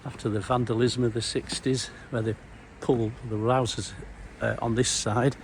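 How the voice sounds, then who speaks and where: A man's voice: medium pitch, little pitch movement, moderate pace, slight background noise. A middle-aged man and former police officer giving a casual, rambling walking tour outdoors, with dry humour. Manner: meandering, anecdotal, dry humour. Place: outdoors in a small town.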